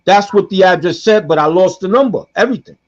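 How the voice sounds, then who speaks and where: A middle-aged man telling a story on a podcast in a casual, animated way, acting out the voices of the people in it and repeating lines for emphasis. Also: high-pitched, fast. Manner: animated, acts out quoted voices, repeats himself. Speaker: guest storyteller. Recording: dull lo-fi podcast audio.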